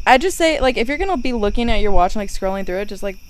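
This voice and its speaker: A woman co-hosting a podcast speaks at a middle pitch in loose, casual talk. She states her opinions bluntly, and a faint noise hums in the background. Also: rapid-fire, low-quality recording. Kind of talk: casual chat.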